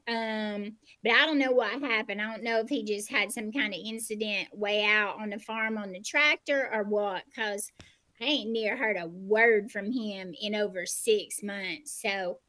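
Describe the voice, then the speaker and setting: A woman's voice: medium pitch, measured pace, pushed and bright. A woman playing a lonely farm widow with a put-on drawl, in a folksy, rambling, hesitant improv comedy bit over a video call. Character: lonely rural farm widow living with her animals.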